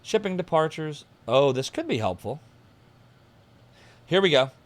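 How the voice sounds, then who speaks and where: A man streaming a detective game, reading its newspaper text aloud and chatting casually as he thinks out loud and jots down notes. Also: on the high side, very animated, a little slow.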